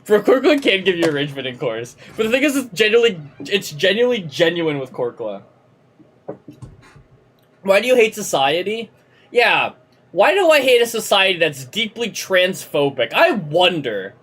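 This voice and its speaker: A woman's voice: medium pitch, brisk, slight background noise. A young adult woman streaming a game, chatting and ranting with lots of swearing. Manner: ranting, profane, animated. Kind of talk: live game-stream chat.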